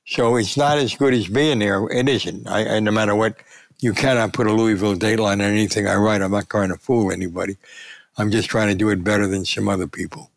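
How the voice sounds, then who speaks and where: A man in his nineties, a veteran sports columnist, telling lively anecdotes in an interview. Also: on the low side, brisk, vocal fry, no room sound. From United States. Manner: animated anecdote telling, voice rising for punchlines. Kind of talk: storytelling interview.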